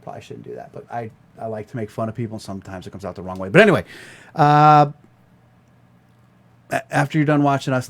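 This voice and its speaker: A man hosting a podcast in casual chat, loose and joking, swearing freely. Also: lowish voice. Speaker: podcast host.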